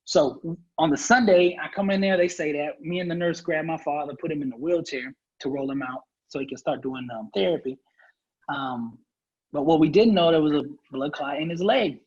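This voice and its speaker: A man with a husky, breathy voice sitting slightly high for a man tells his own story on a podcast, earnest and emphatic. The sound is a little muffled and lo-fi. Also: normal speed. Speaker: guest speaker. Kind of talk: personal story in a podcast interview.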